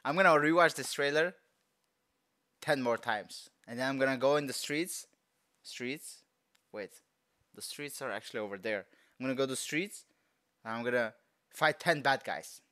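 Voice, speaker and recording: A young man reacting to a movie trailer in loose, slangy, rambling chat. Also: medium pitch. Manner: excitable, slangy, rambling, bursts into shouts and laughs. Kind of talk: casual reaction commentary.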